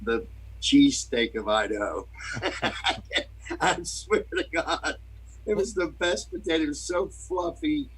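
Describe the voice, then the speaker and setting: A man's voice: on the high side, animated, unhurried, long pauses, breathy edge, low-quality recording. A man co-hosting a podcast, chatting casually and telling laid-back stories. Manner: laid-back storyteller, playful impressions. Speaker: podcast co-host. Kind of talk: casual chat.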